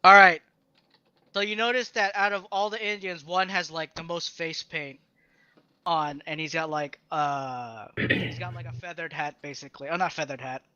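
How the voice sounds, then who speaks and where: A young man running a tabletop game as game master, describing the scene in halting bursts with many fillers. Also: fairly high pitch, fairly even intonation, sharp tone, clear, resonant tone, dry recording. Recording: dull lo-fi dry recording.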